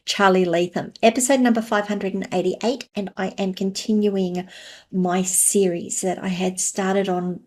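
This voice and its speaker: A woman's voice: mid-range voice, fairly even intonation, a little slow, darkish tone. A woman hosting a solo podcast, explaining technical terms in a conversational way with everyday analogies. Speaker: podcast host.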